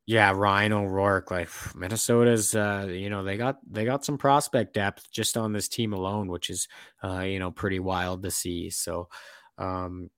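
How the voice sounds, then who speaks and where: A man's voice: low voice, fairly even intonation, a little slow, fairly bright tone, smooth, no room sound, studio quality. A young man co-hosting a casual sports chat, rambling with lots of fillers and restarts.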